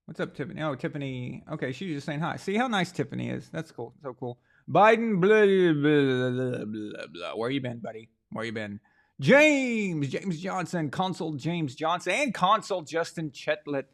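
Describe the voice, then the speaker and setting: A man's voice: medium pitch, vocal fry, a bit bright. A man hosting a live stream, chatting casually and joking with viewers. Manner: joking, rambling, mock French voice at times. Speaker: host. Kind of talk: live-stream chat, reading viewer comments.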